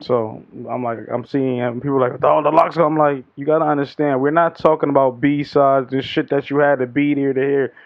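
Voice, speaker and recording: This man hosts a podcast full of casual, slangy back-and-forth about hip-hop and current news, talking fairly quickly with an even, medium-pitched voice and hardly any pauses. The audio has a dull, lo-fi quality.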